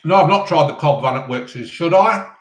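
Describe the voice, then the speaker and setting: A man's voice: fairly high pitch, lively intonation, moderate pace. Chatty man, roomy sound. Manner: chatty, rambling, lots of ums. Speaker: live-stream host answering chat. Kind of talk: casual live chat while eating. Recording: roomy echo.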